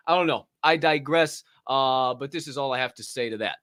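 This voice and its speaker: A man's voice: mid-range voice, a little fast, fairly bright tone. A man hosting a casual crypto news podcast, rambling and profane with lots of fillers and a dry throat. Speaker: podcast host.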